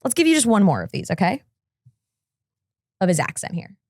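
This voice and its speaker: A woman co-hosting a casual talk show, chatty and animated as she explains online gossip. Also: mid-range voice, fairly quick, dry recording, studio quality. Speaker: co-host.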